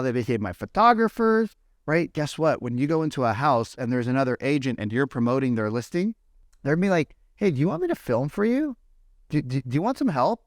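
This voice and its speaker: A young man coaching real estate agents on a podcast, animated and talkative, who keeps tagging his points with "right?" and acts out quoted voices. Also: mid-range voice, dry recording, studio quality. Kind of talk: energetic podcast advice talk.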